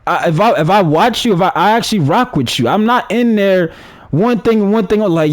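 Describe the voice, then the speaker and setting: A man's voice: high-pitched, lively intonation, moderate pace, no echo. A man ranting in casual commentary to his viewers, heated and slangy, restarting his sentences often. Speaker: gaming commentary streamer.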